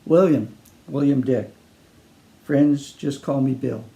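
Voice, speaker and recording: A man doing a polite but gloomy traveller who has just lost everything, speaking low-key and a little deflated. His voice is gravelly and warm. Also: slow. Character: downhearted man, lost and out of luck.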